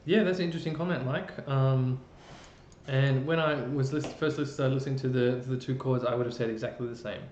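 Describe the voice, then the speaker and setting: An Australian man explains music theory on a live stream. His talk is loose and chatty, with frequent ums and restarts. The sound is roomy and a little muffled, with a faint rumble behind it. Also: fairly even intonation, brisk, a little mellow. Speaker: music presenter.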